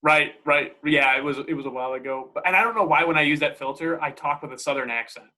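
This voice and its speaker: A man's voice: fairly high pitch, fast, pushed and bright. A young man co-hosting a casual podcast chat, easygoing and upbeat. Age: young adult. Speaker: podcast co-host.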